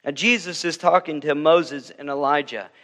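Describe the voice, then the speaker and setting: A man's voice: fairly high pitch, moderate pace, fairly bright tone, in a large hall. A male pastor preaching an emphatic sermon in a church, building intensity with joking asides.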